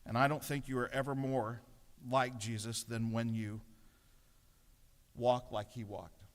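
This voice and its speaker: Pastor preaching in a reverberant chamber. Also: male voice, mid-range voice, flat delivery, unhurried. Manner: storytelling, self-deprecating humor. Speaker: pastor giving the morning devotion. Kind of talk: sermon. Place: large legislative chamber. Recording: long reverb of a large chamber.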